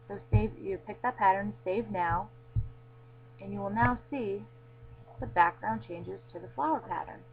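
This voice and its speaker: A woman walking through a web tool in a casual screencast tutorial, filling pauses with frequent ums. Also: medium pitch. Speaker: tutorial presenter. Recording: tinny lo-fi mic with faint hum.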